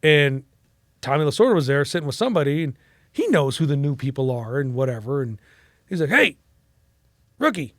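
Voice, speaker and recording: A middle-aged man from the United States, a podcast guest telling stories casually, animated and profane, acting out the people he quotes. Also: medium pitch, brisk, no room sound, clean studio sound. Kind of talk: casual storytelling interview.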